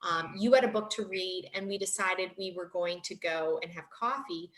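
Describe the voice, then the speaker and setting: A woman guest in casual podcast chat, telling lively stories and laughing often. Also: on the low side, normal speed. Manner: animated storyteller, laughs often.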